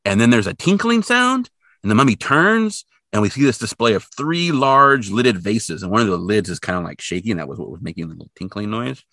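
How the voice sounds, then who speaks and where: His voice sits on the low side and he speaks briskly, captured in studio-quality sound with no echo. He's a man co-hosting a podcast who animatedly retells a cartoon episode in casual talk, acting out pieces of it.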